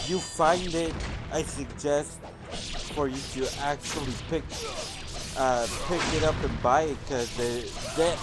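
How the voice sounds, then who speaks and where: A man doing casual gameplay commentary as a let's play host, rambling and correcting himself as he goes. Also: medium pitch. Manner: rambling, self-correcting storyteller. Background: game music playing.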